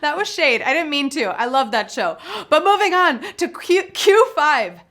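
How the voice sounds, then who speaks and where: A woman's voice: sits high, big pitch swings, normal speed, a bit bright. A woman hosting a live trivia game, chatty and bubbly, laughing often. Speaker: trivia game show host.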